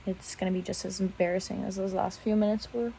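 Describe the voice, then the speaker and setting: A woman's voice: medium pitch, little pitch movement, quick pace, gravelly, warm tone, slight background noise, rough recording. A young woman chatting casually into her phone camera in bed at night, rambling and laughing at herself. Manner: rambling, self-mocking, giggly. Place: bedroom at night.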